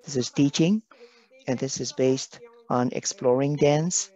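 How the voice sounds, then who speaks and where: A man speaking on a video call, halting and emotional, pausing and apologizing as he talks. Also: mid-range voice, dark tone, no echo. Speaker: guest presenter. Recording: dull lo-fi video call audio.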